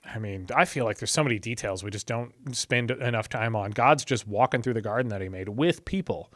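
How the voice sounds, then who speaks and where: A man's voice: lowish voice, brisk, fairly bright tone, no room sound, clean studio sound. A man hosting a channel, reading scripture casually with chatty asides and tangents.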